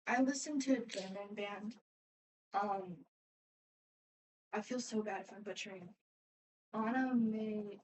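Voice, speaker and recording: A woman's voice: medium pitch, recorded from a distance, a little hiss or hum, low-quality recording. A teenage girl answering fan questions in a casual, rambling way, often trailing off and restarting. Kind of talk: casual chat.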